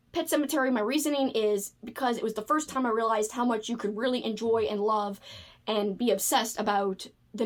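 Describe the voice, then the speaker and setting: A woman from the United States chatting casually about books, animated and gushing, with frequent fillers. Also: fairly high pitch. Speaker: book video creator. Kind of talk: casual chat.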